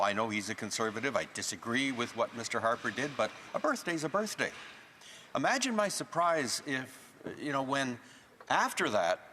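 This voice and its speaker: A man's voice: mid-range voice, sharp tone. A man, a member of parliament, casually telling an anecdote during questions in a legislative chamber. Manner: conversational, anecdotal. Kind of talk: parliamentary floor remarks. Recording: long hall reverb, faint room noise.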